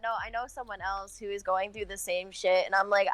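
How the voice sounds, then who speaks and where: A woman's voice: medium pitch, steady tone, fairly quick, a bit bright. Woman in casual chat, full of fillers. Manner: hesitant, lots of "like" fillers. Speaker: podcast guest.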